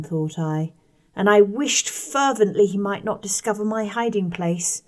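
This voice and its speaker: Her mid-range voice carries a first-person story told in measured audiobook style. When the passages turn quiet, the woman lets her delivery fall soft.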